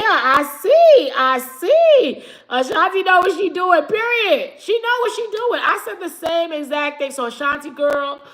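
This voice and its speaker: A woman in her forties running a casual live stream, with a high voice that swoops up and down. She is brash and profane, laughs often, and mimics the people she talks about. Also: a bit bright. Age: 40s.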